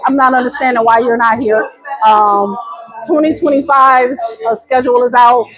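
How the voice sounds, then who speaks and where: A woman hosting a podcast in casual chat, lively and excitable, recorded at a bookstore event. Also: a little high, moderate pace. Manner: lively, excitable, laughing a lot. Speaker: podcast host. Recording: noisy crowd chatter.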